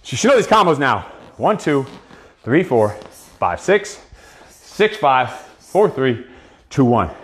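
A man's voice: mid-range voice, very animated, slow, long pauses, fairly bright tone. A man coaching a live boxing cardio workout, counting reps and giving profane pep talks.

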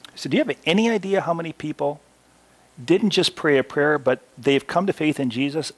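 A man preaching a sermon in an animated, storytelling way, swinging between loud and soft. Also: mid-range voice. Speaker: pastor.

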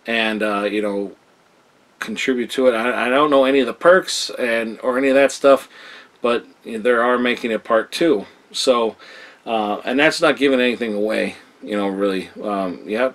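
Young guy reviewing films to camera, loose and rambling, lots of "uh" and "you know". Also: mid-range voice. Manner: rambling, repeats words with many fillers. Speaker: film reviewer. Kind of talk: casual video review.

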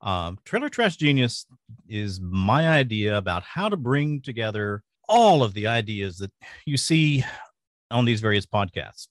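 A middle-aged man from rural Louisiana speaks in a mostly neutral American accent with a faint Louisiana trace. He talks fast and thoughtfully, his fairly low voice moving lively up and down. The recording is dry and close. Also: no room sound. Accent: mostly neutral American, slight Louisiana. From rural Louisiana, USA. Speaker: podcast guest. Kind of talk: casual interview.

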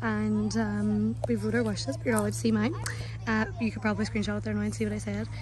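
A woman's voice: mid-range voice, level tone, fast, over music. A young Irish woman vlogging casually to her phone while out and about, rambling and bubbly with lots of "like". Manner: bubbly, rambling, heavy use of "like". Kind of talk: casual vlog chat to camera. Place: outdoors in countryside and a park.

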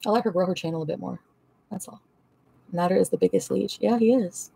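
A woman's voice: medium pitch, brisk, vocal fry, warm tone, husky, no room sound. A woman livestreamer answering her chat in a heated, profane, confrontational rant.

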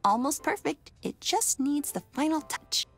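A woman's voice: sits high, sing-song, unhurried, vocal fry, fairly bright tone, soft background music, full character voice. An actress playing a cheerful, cheeky young girl in a game, speaking in a bubbly, playful way. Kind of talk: game voice acting.

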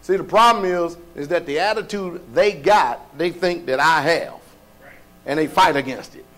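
High-voiced man preaching a folksy sermon. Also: moderate pace. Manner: preaching with rhetorical questions, rising to shouts; colloquial, folksy delivery. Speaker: pastor.

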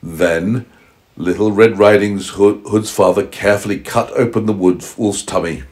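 A man reading a bedtime story aloud to a small child at home, gently stopping to ask questions and teach a lesson. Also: lowish voice, moderate pace.

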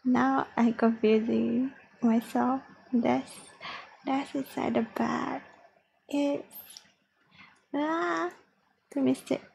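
A woman streaming her language study, slowly repeating practice phrases aloud and chatting with viewers. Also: sits high, steady tone, creaky, a little mellow, breathy edge, low-quality recording. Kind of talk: casual study-stream chat.

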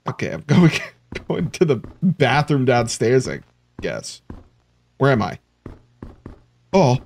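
A man's voice: mid-range voice, very animated, measured pace. A man joking sarcastically through a let's play commentary. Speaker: gamer.

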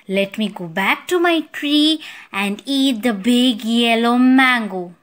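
A woman's voice: fairly high pitch, slow. A woman voicing a clever young male parrot in a children's story, cheerful and eager.

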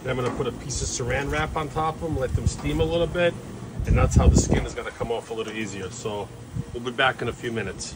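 A man in an easygoing, chatty home-cooking video, pitched in an ordinary middle range. He talks viewers through the steps with frequent fillers and little asides. The audio is caught on the filming camera outdoors, with clear background noise behind him. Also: fast. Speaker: home cook showing a recipe. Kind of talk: casual cooking demonstration. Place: kitchen, then an outdoor backyard grill.

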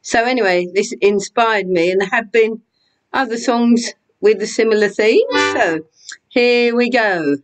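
A woman folk singer chatting briefly before singing a sea song, unhurried and homely. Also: a little high, soft background music, rough recording. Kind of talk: chatty song intro, then sung sea song. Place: home during online session. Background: her own accordion.

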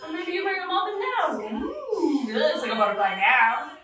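Playful high-voiced woman, echoey room. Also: very animated, moderate pace, sharp tone, far from the mic. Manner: playful, sing-song, encouraging. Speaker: kids yoga teacher. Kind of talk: guiding a children's yoga class.

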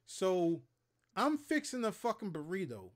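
A man's voice: high voice, huge pitch swings, unhurried. A man in his thirties from Maryland, hosting a show and telling stories in casual, profane chat, acting out quotes and sound effects.

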